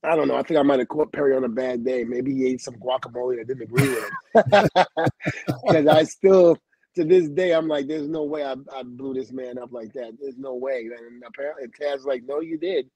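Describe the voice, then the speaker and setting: Middle-aged guy telling stories, husky mellow voice, laughs a lot and does the other people's lines. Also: medium pitch, normal speed, dry recording, low-quality recording. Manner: lively storyteller who acts out quoted dialogue, laughs often, swears. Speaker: guest. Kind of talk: telling wrestling career stories on a livestream.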